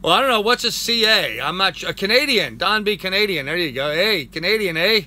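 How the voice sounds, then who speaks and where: Older guy rambling on a home live chat, real sharp bright voice, thanks everybody, baby-talks the dog. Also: sits high, big pitch swings, fast, slight background noise. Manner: rambling, thanks chatters by name, coos to his dog. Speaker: live-stream host.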